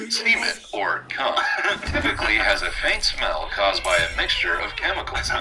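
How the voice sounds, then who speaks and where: A man's voice: on the low side, poor audio. A young man streaming a game, cracking crude jokes and laughing constantly in casual chat. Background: game music.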